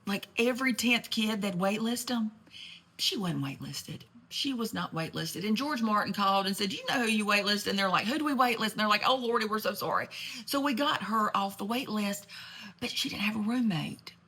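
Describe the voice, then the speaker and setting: A woman's voice: medium pitch, animated, normal speed, sharp tone, breathy edge. A woman telling a rambling, gossipy comedic story, full of asides and genteel sass. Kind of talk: comedic monologue in character.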